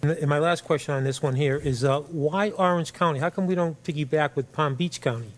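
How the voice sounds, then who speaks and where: A man with a Boston accent, a city commissioner, asking quick conversational questions at a public meeting. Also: a little high.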